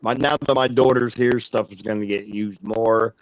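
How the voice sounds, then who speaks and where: A man telling a long, profane anecdote in casual chat, rambling and animated. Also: fairly low pitch, moderate pace, dry recording, low-quality recording. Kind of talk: casual storytelling.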